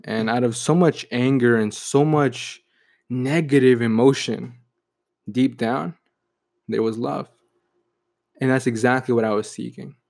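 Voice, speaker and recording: Brief: young adult man, mid-pitched, reflective personal storytelling, filler-heavy. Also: vocal fry, darkish tone. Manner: reflective, heavy use of "you know" and "like".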